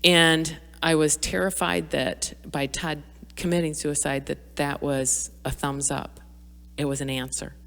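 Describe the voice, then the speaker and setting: A middle-aged woman with a low voice speaks as a podcast guest. She talks candidly and reflectively, with frequent fillers and restarts. Her voice carries a long reverb, as if recorded in a hall. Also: little pitch movement, unhurried, creaky, a bit bright. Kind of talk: candid personal conversation.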